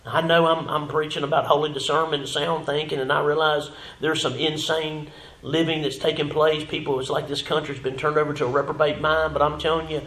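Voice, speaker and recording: In a church sanctuary, a male pastor preaches a fervent sermon in a voice a little high for a man, with little pitch movement and a brisk pace. He swells into loud, emphatic runs, then drops to a hushed whisper, and the sound is roomy.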